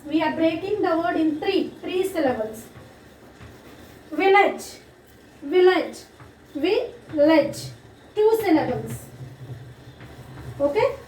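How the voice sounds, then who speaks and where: Woman teacher, Indian English accent, high voice, slow drilling delivery, roomy echo from a distant mic. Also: slight background noise. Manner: slow, clear drilling of words, repeating each one. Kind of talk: recorded online class lesson.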